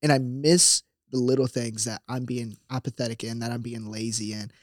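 A man in his twenties, a college senior guesting on a podcast, chatting eagerly with frequent laughs and quick reactions. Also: mid-range voice, little pitch movement, dry recording, clean studio sound. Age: 20s. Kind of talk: casual chat.

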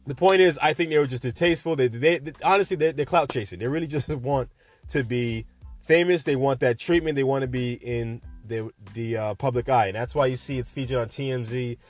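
A man's voice: mid-range voice, a little fast, soft background music. A man in his twenties hosting a podcast, rambling through a late-night rant in a jokey, sarcastic way. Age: 20s. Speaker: podcast host.

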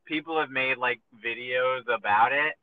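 A man's voice: mid-range voice, normal speed. A man hosting a casual podcast chat, rambling through stories and swearing freely. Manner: rambling storyteller, swears freely, acts out quoted voices. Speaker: podcast host. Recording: tinny lo-fi phone-like sound with faint noise.

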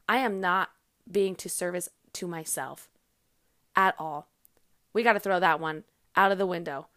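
A woman's voice: mid-range voice, a bit bright, dry recording. Blunt, emphatic woman podcaster, dry close sound. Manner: blunt, emphatic, swears casually; acts out her inner voice in quotes. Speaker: podcast host. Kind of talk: casual self-help monologue.

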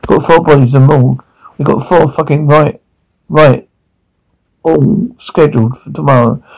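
Rough gravelly tv cop, dark voice, cussing and blunt. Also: male voice, a little high, fairly even intonation, normal speed, low-quality recording. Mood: scolding. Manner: blunt, swearing, confrontational. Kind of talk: TV drama dialogue.

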